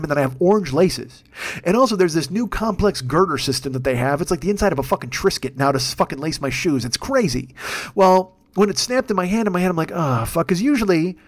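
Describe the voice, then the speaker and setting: A man hosting a podcast, telling a rambling comic story in a casual, swearing, animated way. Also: high-pitched. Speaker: podcast host. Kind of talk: comedic storytelling.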